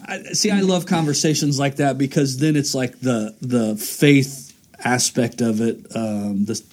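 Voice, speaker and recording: A man's voice: mid-range voice, a little slow, darkish tone. A man hosting a casual faith talk, earnest and rambling, restarting his sentences often. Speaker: host.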